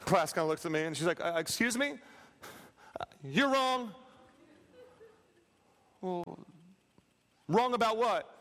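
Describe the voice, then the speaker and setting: Man, preacher, high voice, animated storytelling, echoing hall. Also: fairly quick. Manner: animated, acts out quotes, plays for laughs. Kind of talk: sermon with storytelling. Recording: reverberant hall.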